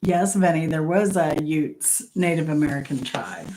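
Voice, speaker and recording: A woman's voice: deep voice, moderate pace, a little mellow, a little hiss or hum, low-quality recording. A middle-aged woman hosting a casual live-stream trivia game. She is chatty, laughs often, reads questions aloud and greets viewers by name.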